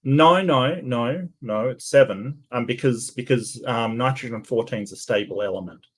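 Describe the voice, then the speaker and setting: A man's voice: medium pitch, moderate pace, slightly rough. A man guesting on a casual stream, speaking emphatically, with frequent fillers and self-corrections. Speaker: guest co-host. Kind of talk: casual reaction-stream chat.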